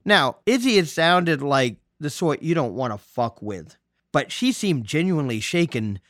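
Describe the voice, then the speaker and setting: A man from New City, hosting a podcast and telling stories in a joking, salty, animated way. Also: on the high side, a little slow, no room sound, studio quality. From New York City. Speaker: podcast host. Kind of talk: casual storytelling monologue.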